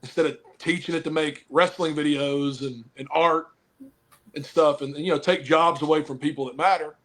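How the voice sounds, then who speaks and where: A man's voice: on the high side, fairly even intonation, moderate pace, fairly bright tone. A man who wrestles professionally and coaches football, chatting casually on a podcast, rambling and joking while he hands out blunt advice.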